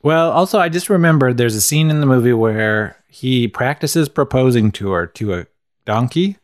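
Male podcast co-host, mid pitch, laid-back and rambling, dry sound. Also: lively intonation, normal speed, no echo. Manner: laid-back, rambling, chuckles at his own jokes. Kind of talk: casual film review chat.

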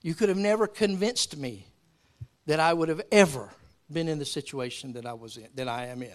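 A male pastor preaching a sermon, telling a story in a calm tone before building to raised, emphatic preaching. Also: a little high, fairly quick.

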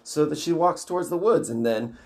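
A man's voice: a little high, a little mellow. Man, casual plot recap, rambling and profane, loose and chatty delivery. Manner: rambling, swears, quick voice switches for characters. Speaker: book recapper. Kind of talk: casual story retelling.

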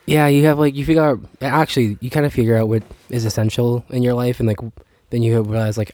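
A man's voice: medium pitch, fairly even intonation, fast talker, warm tone, dry recording. A young man co-hosting a podcast while sick and tired, with a nasal voice, rambling in casual chat with lots of hesitations. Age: young adult. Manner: rambling, self-deprecating, hesitant. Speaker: podcast co-host.

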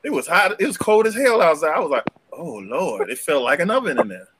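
A young man, telling a slangy, animated story on a casual podcast and leaping up in pitch for punchlines. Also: fast talker, background noise. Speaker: podcast co-host.

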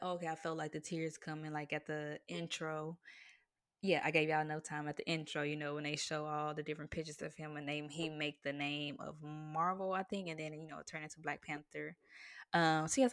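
A young woman, chatting casually to her viewers about movies, animated, swinging between excited highs and hushed asides. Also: dry recording, clean studio sound. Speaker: vlogger reviewing movies.

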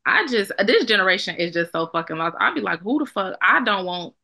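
In a mid-range, sing-song voice that's pushed and bright with some vocal fry, this young woman co-hosts a casual podcast chat at a fairly quick pace. She's blunt and emphatic and swears a lot.

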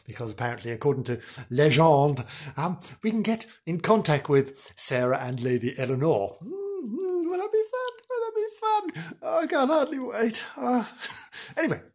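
A man playing a fussy, dithering woman field reporter in a comic sketch, with a husky voice. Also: on the high side, sing-song, normal speed, darkish tone, voice pushed down, heavily acted. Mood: chatty. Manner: fussy, dithering, shrieking with alarm. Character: flustered, excitable middle-aged woman field reporter. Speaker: on-location reporter.

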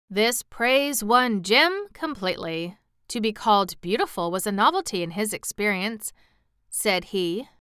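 A woman narrating a children's storybook aloud in a measured way, with the odd wry aside. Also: mid-range voice, expressive, pushed and bright, clear, resonant tone, no echo, studio quality.

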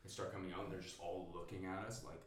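A stand-up comedian appears as a podcast guest, casually telling a story, swearing heavily and saying "like" a lot. His voice is deep and level, he talks fast, and there's a little hiss or hum. The room is echoey and the mic distant.

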